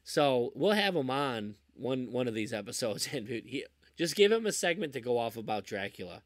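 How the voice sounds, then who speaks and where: A man's voice: medium pitch, very animated, moderate pace, dry recording, studio quality. A man hosting a casual podcast, talking enthusiastically about movies with many restarts. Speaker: podcast host.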